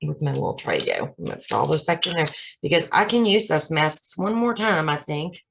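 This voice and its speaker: A woman's voice: low voice, very animated, fairly quick, vocal fry, breathy edge. A woman hosting a casual card-making tutorial at her craft desk, chatting her way through each step with self-deprecating asides. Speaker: craft channel host. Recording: slightly dull lo-fi sound.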